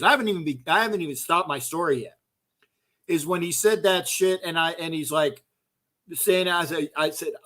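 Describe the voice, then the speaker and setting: A middle-aged man rants as a sports fan host, swearing freely and circling back over the same points. His voice is fairly high and sharp-edged, and it keeps flaring up into loud bursts. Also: a little fast. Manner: profane, fired-up, loud outbursts, repeats himself. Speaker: host of a fan call-in show. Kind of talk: heated casual fan rant.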